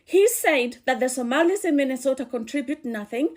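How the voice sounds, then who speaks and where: Woman with a Kikuyu accent, high voice, earnest warning tone, commentary host. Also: lively intonation, fairly quick. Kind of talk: political commentary.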